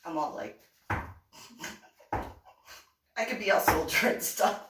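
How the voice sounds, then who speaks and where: A middle-aged woman telling a personal anecdote in a giggly, excitable way, laughing often, in an echoey room away from the mic. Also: mid-range voice, slow, long pauses, recorded from a distance, noisy background. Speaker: vlogger.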